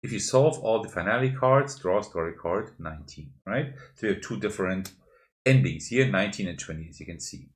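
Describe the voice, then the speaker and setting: A man's voice: lowish voice, expressive, brisk. A man hosting a board game channel, talking through a solo tabletop playthrough and explaining each move step by step as he handles the pieces.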